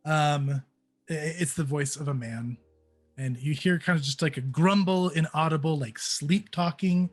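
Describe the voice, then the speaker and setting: A man's voice: fairly high pitch, a little slow, faint music behind. A man narrating as game master in an easygoing, playful way.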